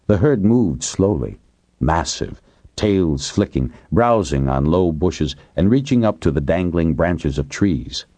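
Deep, dark-voiced male audiobook narrator. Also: lively intonation, measured pace, no echo.

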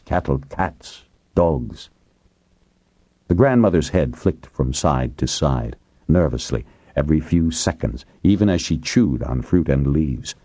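Deep, dark-voiced male audiobook narrator. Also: dry recording.

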